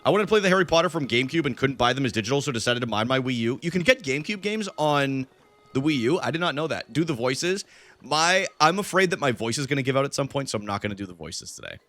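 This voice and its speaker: A man's voice: mid-range voice, animated, fast talker, a bit bright. A young man casually commenting on a game he is live-streaming, greeting viewers in chat by name and using lots of fillers.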